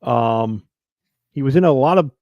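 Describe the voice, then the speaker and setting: A man's voice: mid-range voice, animated, measured pace, darkish tone, dry recording, dull audio. A man co-hosting a casual podcast chat, swearing freely and reeling off film facts. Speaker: podcast co-host.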